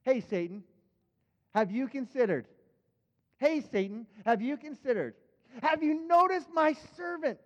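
Preacher doing god, stern and pushy, high voice, echoey church. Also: male voice, unhurried, long pauses. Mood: proud. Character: God questioning the devil, stern male deity. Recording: dull, echoing church hall.

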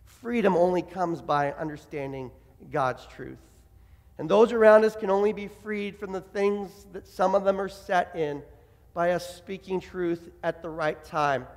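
A man's voice: sits high, steady tone, a little slow, big-room sound. A man preaching a sermon as pastor, impassioned and acting out the voices he quotes.

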